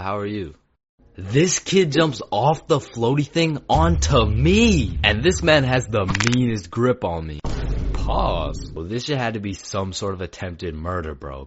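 A man's voice: on the low side, fairly bright tone, a little hiss or hum. A man narrating a comedic storytime in a casual, slangy way, stammering on restarts and swearing freely. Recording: dull lo-fi recording.

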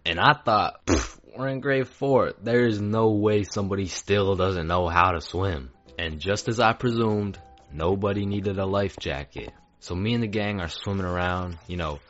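A low-pitched man spins a comedic storytime in loose slang, stumbling into restarts and dropping swears. The recording sounds dull and lo-fi. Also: a bit bright. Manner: casual, profane, stammering restarts, slang.

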